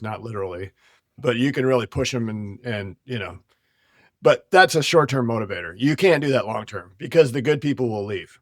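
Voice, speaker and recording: A man's voice: medium pitch, lively intonation, fairly quick, no room sound, clean studio sound. A man hosting a business podcast, talking casually in long run-on sentences and joking with his guest. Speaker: podcast host.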